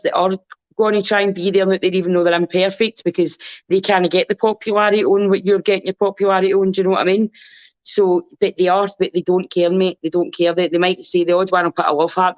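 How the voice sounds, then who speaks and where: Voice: mid-range voice, highs cut off. A podcast guest with a Scottish accent, chatting casually in a rambling, earnest way and swearing freely. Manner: rambling, earnest, swears freely, repeats "you know what I mean". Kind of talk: casual chat.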